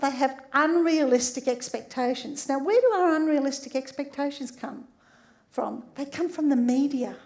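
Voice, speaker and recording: A high-pitched middle-aged woman with an Australian accent delivers a public lecture as a sex therapist. She is humorous and keeps checking in with her audience as she goes. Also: creaky, darkish tone.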